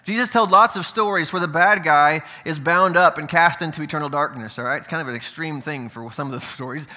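A male pastor delivers a sermon with a bright, forceful tone and a voice sitting a little high. He mixes slow, careful scripture reading with casual asides, often asking "right?" to keep the congregation with him. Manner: conversational preaching with frequent "right?" check-ins.

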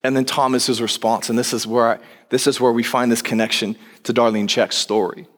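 Guy pastor giving a sermon, chatty and animated, big echoey church hall. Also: mid-range voice, brisk. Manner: conversational, animated retelling with quoted lines. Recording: long reverb of a large hall.

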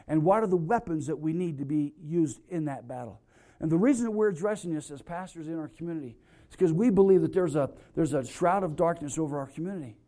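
Earnest pastor with a mellow voice. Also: male voice, on the high side. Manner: earnest, emphatic, repeats key phrases for stress. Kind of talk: sermon. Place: church sanctuary.

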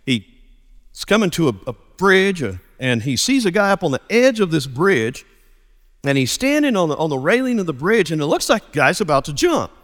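Animated pastor preaching. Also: male voice, on the high side, normal speed, long reverb tail. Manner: animated storytelling, acts out dialogue. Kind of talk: sermon.

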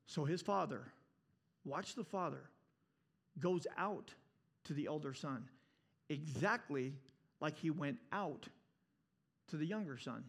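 A man preaching a sermon in an animated way, moving between loud and hushed passages. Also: fairly high pitch, slow, creaky, long pauses.

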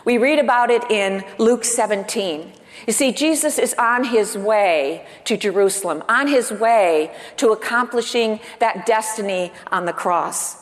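A woman's voice: a little high, long reverb tail. A woman pastor preaching a sermon with earnest emphasis, asking the congregation rhetorical questions. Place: church.

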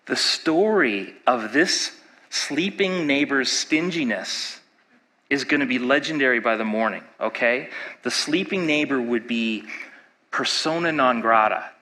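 Slow-talking bright-voiced male preacher. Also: mid-range voice, animated, rough recording. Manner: conversational, asks the audience rhetorical questions. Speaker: pastor. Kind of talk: sermon.

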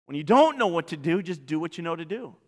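A male pastor preaching a sermon, animated, with many rhetorical questions. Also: a little high, quick pace, long reverb tail.

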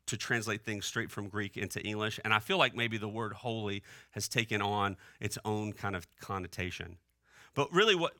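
A young man preaching a sermon in a relaxed, conversational way, often checking in with the congregation. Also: medium pitch, dry recording, studio quality. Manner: conversational preaching, asks the room "right?". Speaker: pastor. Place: church hall.

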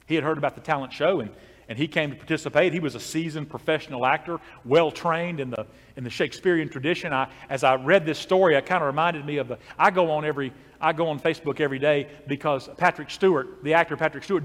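A man's voice: fairly high pitch, quick pace, fairly bright tone. Conversational man preaching in a reverberant hall. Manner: conversational, with frequent restarts. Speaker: pastor. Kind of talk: storytelling sermon.

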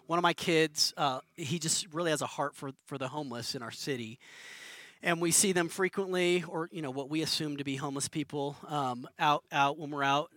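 A male pastor delivers an informal sermon in an earnest, everyday way, often doubling back and repeating words mid-thought. His voice sits a little high and sounds bright and forceful. The sound is dry and close. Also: dry recording. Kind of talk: conversational sermon.

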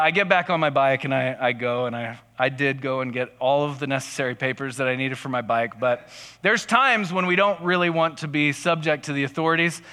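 A man preaching in a relaxed, chatty way, mixing self-deprecating personal stories into his teaching. His voice sits a little high and sounds bright and forceful. Long reverb trails after his words, as in a large room. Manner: conversational, self-deprecating storytelling. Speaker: pastor. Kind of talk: casual sermon with personal stories.

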